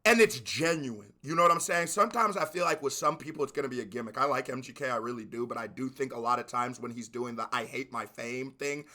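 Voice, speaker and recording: A man hosting a music reaction video, talking casually and breaking into loud excited exclamations. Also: mid-range voice. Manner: animated, bursts into shouted exclamations.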